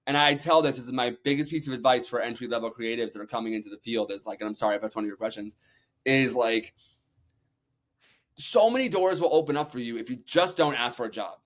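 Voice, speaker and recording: Man guest, podcast, animated storytelling, casual swearing, middle-pitched voice. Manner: energetic, acts out quotes, talks fast with many "like"s.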